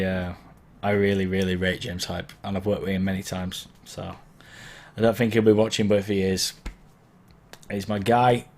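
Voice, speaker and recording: A man hosting a live question-and-answer stream as a DJ, casual and encouraging, his throat sore from hay fever. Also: lowish voice. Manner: chatty and encouraging, wanders and self-corrects. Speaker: DJ and online Q&A host. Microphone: mic placed below the camera.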